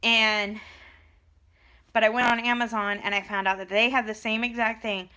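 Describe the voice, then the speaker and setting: A young woman chatting casually to her camera in a vlog, telling a story in an animated way. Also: fairly high pitch, moderate pace, smooth. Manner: animated storytelling, retelling conversations. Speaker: vlogger. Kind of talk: casual chat.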